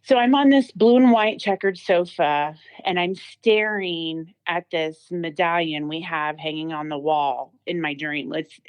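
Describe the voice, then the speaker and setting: A woman's voice: on the low side, a little slow, hardly any pauses, clear, resonant tone. A woman giving a personal testimony as a podcast guest, telling her story vividly with many fillers and restarts.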